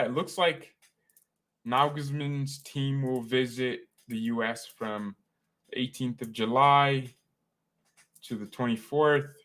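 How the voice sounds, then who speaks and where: A man hosting a fan live stream, rambling and joking with chat, swinging from calm talk to loud excited outbursts. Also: mid-range voice.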